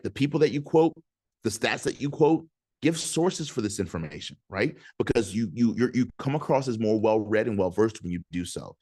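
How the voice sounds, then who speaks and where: A man teaching speakers in an energetic, punchy motivational talk over a video call, checking in with his listeners as he goes. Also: medium pitch, no room sound, clean studio sound. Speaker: speaker coach.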